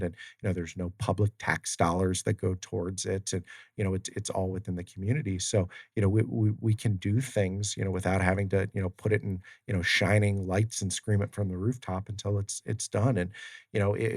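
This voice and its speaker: A man's voice: sits low, darkish tone, no room sound, clean studio sound. A man who works in tribal community development, talking casually as a guest in an interview and acting out the exchanges in the stories he tells. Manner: storytelling, acts out quoted exchanges, many fillers. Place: studio. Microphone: studio mic.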